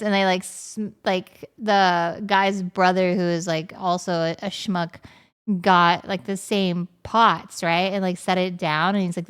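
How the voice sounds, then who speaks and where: A woman hosting a livestream from home, telling a story in an animated, chatty way with lots of fillers and laughter. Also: on the low side, measured pace, clear, resonant tone. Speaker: livestream host. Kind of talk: casual chat.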